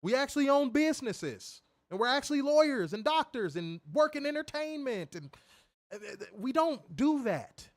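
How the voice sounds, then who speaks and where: A man co-hosting a casual wrestling review podcast, animated, swearing freely and laughing often. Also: extremely high pitch, normal speed. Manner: animated, profane, laughs a lot. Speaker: podcast co-host.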